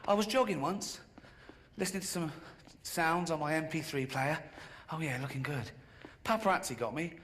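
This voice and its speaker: A man performing a stand-up routine on a live stage. He tells stories deadpan and breaks into sudden high-pitched outbursts. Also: moderate pace, a little hiss or hum. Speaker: stand-up comedian.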